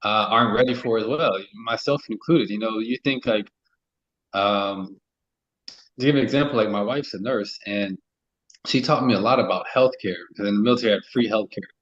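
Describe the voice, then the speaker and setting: A man's voice: lowish voice, fairly bright tone, muffled recording. A man on a men's talk show panel, talking casually and working through his point with frequent repeated words and restarts. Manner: halting, repeats words while building a point. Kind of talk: casual discussion.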